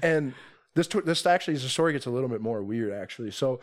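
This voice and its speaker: A young man casually telling a profane, animated story as a podcast guest. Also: medium pitch, fast.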